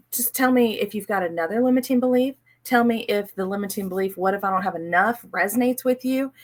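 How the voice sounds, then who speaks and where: A woman hosts her own channel about money mindset and talks to the viewer in a chatty, upbeat way. Her pitch sits in an ordinary middle range. Now and then she eases into a soft, slow voice to guide a breathing exercise. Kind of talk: casual personal talk to camera.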